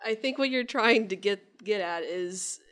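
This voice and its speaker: A woman's voice: mid-range voice, a little slow, a bit bright. A woman in a casual podcast chat, speaking hesitantly, trailing off and swearing casually.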